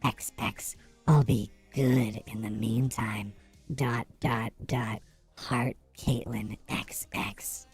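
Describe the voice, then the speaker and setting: A man doing a sultry woman's voice through a voice-changing effect, reading a flirty love note slowly and breathily. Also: medium pitch, fairly even intonation, husky, soft background music, voice pushed down. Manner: slow, drawn-out sultry delivery. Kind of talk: comic dramatic reading.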